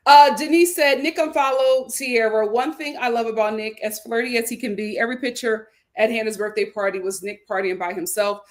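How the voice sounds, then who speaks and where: A woman hosting a livestream, reading viewer comments aloud and reacting to them emphatically, often repeating her own lines for effect. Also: on the high side. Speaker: show host.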